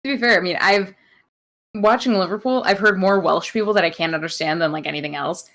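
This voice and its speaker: A young American woman from upstate New York, co-hosting a podcast in loud, animated, joking casual chat. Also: lowish voice, fairly quick. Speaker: podcast co-host.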